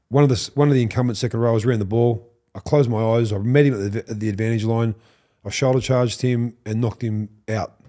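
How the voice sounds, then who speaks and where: Mellow-voiced Australian man telling stories. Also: medium pitch. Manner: animated, swears, acts out quoted lines. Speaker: podcast guest. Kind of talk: storytelling interview.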